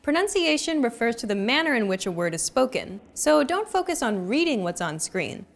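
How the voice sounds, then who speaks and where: Woman, young adult, lesson host, upbeat teacherly delivery, lively melody. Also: fairly high pitch, moderate pace. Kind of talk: scripted lesson narration.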